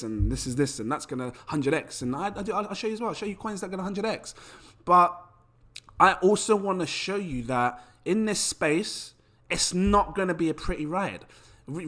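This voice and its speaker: Chatty male YouTuber, lively pitch, rhetorical and casual. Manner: animated, chatty, rhetorical questions. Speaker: crypto YouTuber. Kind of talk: casual to-camera talk.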